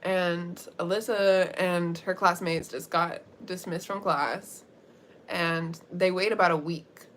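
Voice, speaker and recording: A woman's voice: fairly low pitch, steady tone, slow pace, a bit bright, a little hiss or hum. A young woman livestreamer recapping a story in a chatty, slangy way, laughing often as she goes.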